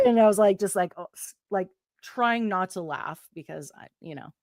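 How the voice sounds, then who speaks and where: An American woman casually telling a story, animated and profane, acting out quotes with sudden jumps in pitch. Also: moderate pace, no echo, studio quality. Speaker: guest.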